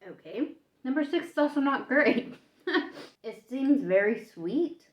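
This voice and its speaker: A woman's voice: sits high, expressive, measured pace. Woman from the US, casual food vlog, thinks aloud while tasting, roomy echo, slightly dull lo-fi sound. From United States. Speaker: food vlogger. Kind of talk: casual taste-test vlog. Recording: echoey room, dull lo-fi sound.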